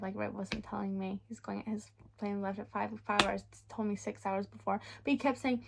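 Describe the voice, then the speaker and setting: A young woman vlogger telling a storytime rant in a blunt, profane, animated way. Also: mid-range voice, moderate pace, vocal fry, hardly any pauses, slight background noise.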